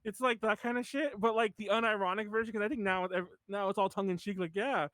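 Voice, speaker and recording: A man's voice: sits high, steady tone, quick pace, fairly bright tone, no echo. A man hosting a podcast in casual chat, rambling with many fillers and restarts. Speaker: podcast host.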